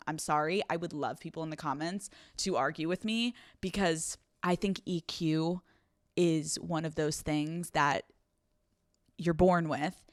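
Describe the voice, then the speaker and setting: A woman hosting a podcast, giving casual relationship advice in a blunt, profane and animated way, running on no sleep. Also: deep voice, a little slow, dry recording, clean studio sound. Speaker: podcast host.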